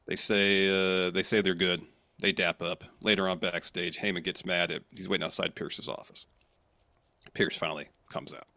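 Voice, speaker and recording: A man with a very deep yet bright, forceful voice thinks aloud about wrestling plans on a casual podcast. He runs through possibilities one after another. The recording is dry and close. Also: level tone, moderate pace, no echo. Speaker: podcast co-host.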